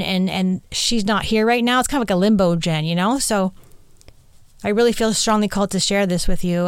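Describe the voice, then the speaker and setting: Earnest rambling woman, smooth dry voice. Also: fairly low pitch, no room sound. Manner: rambling, earnest, halting with many fillers and restarts. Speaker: podcast host and medium. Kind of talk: candid personal monologue.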